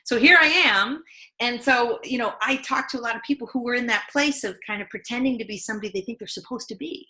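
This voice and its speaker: Lifestyle coach lady on a podcast, bright voice, thoughtful and earnest. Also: a little high, steady tone, fast, few pauses. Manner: earnest, reflective, acts out inner voices. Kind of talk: conversational interview.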